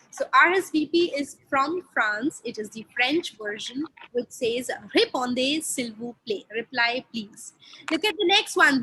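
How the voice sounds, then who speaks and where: A woman's voice: high-pitched, sharp tone, rough recording. A woman from India teaching a lecture on learning French, explaining step by step and putting questions to her listeners.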